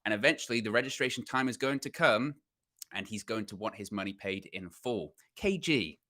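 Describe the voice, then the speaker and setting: A man's voice: lowish voice, brisk. A man hosting a casual football podcast, reading out news and teasing his co-hosts. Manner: lively, joking. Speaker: podcast host.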